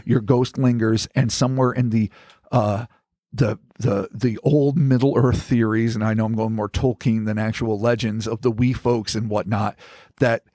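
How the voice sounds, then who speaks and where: A man's voice: on the low side, fairly even intonation, moderate pace, mellow, no room sound, studio quality. A man hosting a podcast who reads listener stories aloud and riffs on them in a rambling, profane, joking way. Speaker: podcast host. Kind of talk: casual podcast chat and story reading.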